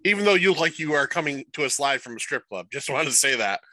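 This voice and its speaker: A man joining a livestream as a guest over a video call, teasing the host and repeating himself in quick bursts. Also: fairly high pitch, animated, pushed and bright, no room sound, rough recording. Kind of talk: casual chat on a video call.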